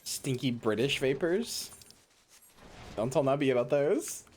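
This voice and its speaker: Low-voiced, playful woman streamer. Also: animated, measured pace, a little mellow, breathy edge. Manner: playful, giggly, teasing. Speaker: VTuber streamer. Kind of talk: casual livestream chat while gaming.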